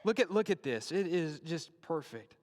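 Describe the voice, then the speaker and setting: Male preacher, high-pitched, chatty sermon delivery; long church reverb. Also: sing-song, moderate pace. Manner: conversational, repeats and checks in with "right?".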